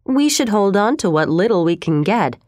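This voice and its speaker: A woman's voice: mid-range voice, very animated, normal speed, a little mellow, dry recording, studio quality, close to an everyday voice. A woman reading the part of a brooding, unsettling male customer who talks in a probing, intense way. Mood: musing. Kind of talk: storybook reading.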